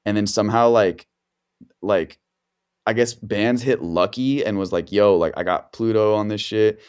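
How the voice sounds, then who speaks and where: Laid-back, slangy low-voiced man. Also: moderate pace, clear, resonant tone. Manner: laid-back, rambling, filler-heavy slang. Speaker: music producer, guest. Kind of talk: casual podcast storytelling.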